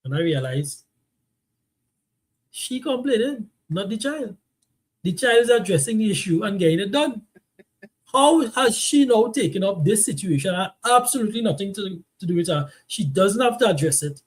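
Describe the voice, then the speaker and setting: A man's voice: high-pitched, expressive, moderate pace. A man co-hosting a live relationship talk show, explaining his views at length and telling stories from home in casual chat.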